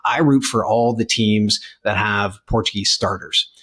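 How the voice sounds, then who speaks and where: A man's voice: lowish voice, measured pace, fairly bright tone, husky. A man co-hosting a podcast, chatting casually with many fillers and restarts. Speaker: podcast co-host. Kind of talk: casual chat.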